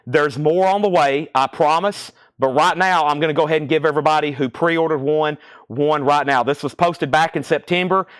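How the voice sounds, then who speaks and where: A man hosting a live vinyl sale stream, a bit out of breath as he rattles off names and prices. His voice sits on the higher side, and the sound is dry and close with little room echo. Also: a bit bright, clean tone. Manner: brisk, reads off names and prices. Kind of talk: live-stream sales patter.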